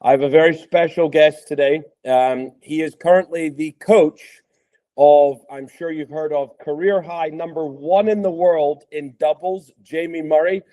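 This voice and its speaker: Podcast host, scottish man, thirties, softened accent, mellow dark voice, chatty with lots of ums. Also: a little high, fairly even intonation, measured pace. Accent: Scottish, softened by years in the US. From Scotland. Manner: chatty, with frequent ums and restarts. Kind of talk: casual interview chat.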